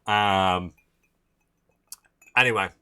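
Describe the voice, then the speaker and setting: A man's voice: sits low, fairly even intonation, drawn-out words, sharp tone, smooth. A young man from the English Midlands, with a Midlands accent, hosting a casual livestream and chatting to viewers in a rambling way, often swearing and restarting sentences. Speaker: livestream host.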